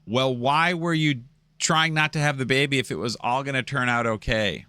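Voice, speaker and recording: A man giving casual commentary on video clips as host. He talks in a halting, stop-start way and keeps pausing to find his place. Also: medium pitch, pushed and bright, clear, resonant tone, dry recording.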